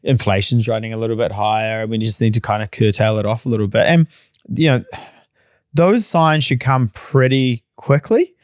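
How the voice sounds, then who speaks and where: A man's voice: mid-range voice, normal speed, a little mellow, no room sound, studio quality. A man, co-hosting a podcast and giving confident, emphatic opinions in casual chat. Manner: confident, emphatic, plain-spoken. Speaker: podcast co-host, mortgage broker.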